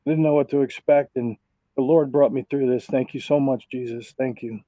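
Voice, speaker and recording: A man, a race car driver, giving rambling, heartfelt thanks and shout-outs with lots of fillers on a racing broadcast. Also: mid-range voice, steady tone, moderate pace, no echo, low-quality recording.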